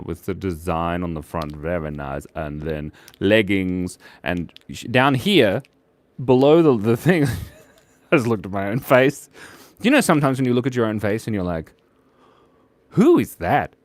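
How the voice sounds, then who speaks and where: A man's voice: lowish voice, lively intonation, moderate pace, no echo. A man hosting a casual live drawing stream, joking and chatting with viewers as he draws. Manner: playful, jokey, chatty with viewers. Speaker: livestream drawing host.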